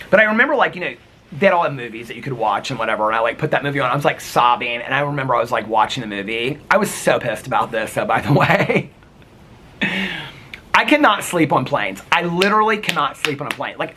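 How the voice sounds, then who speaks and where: Chatty, lively man vlogging. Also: mid-range voice, slight background noise. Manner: animated, chatty, lots of fillers and rambling asides. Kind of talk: casual storytelling to camera.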